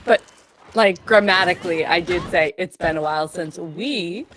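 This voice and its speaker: A woman's voice: on the low side, moderate pace, noisy background. A woman playing a video game with a friend, chatting playfully, her mic set a little far away. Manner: playful, laughs easily. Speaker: co-player. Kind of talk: casual gaming chat.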